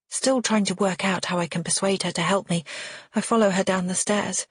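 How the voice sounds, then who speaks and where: A woman reading a thriller audiobook in first person, with a measured, earnest delivery. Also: medium pitch, fairly even intonation, breathy edge, no room sound, studio quality. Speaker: audiobook narrator. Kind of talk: first-person scripted narration.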